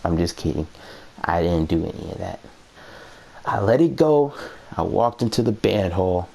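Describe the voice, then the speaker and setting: A man's voice: on the low side, animated, normal speed, vocal fry, dark tone. A man telling a dramatic, joking story as a storytime vlogger. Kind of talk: animated storytime narration.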